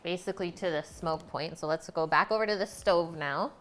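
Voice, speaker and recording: Brisk and a bit bright, though low-pitched, a woman cooks in her home kitchen while live streaming. Through a streaming mic carrying a little hiss or hum, she keeps up casual chatter with her viewers.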